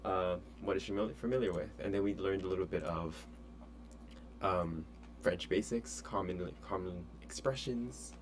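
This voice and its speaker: A man teaching an online French lesson in a relaxed, chatty way with many fillers. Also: sits low, moderate pace, a little hiss or hum.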